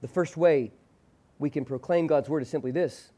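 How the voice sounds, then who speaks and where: Leading his congregation in call-and-response, a male pastor preaches in a sanctuary backed by a screen. The key phrase gets a hard slowdown, while his phrases close on a low, soft drop.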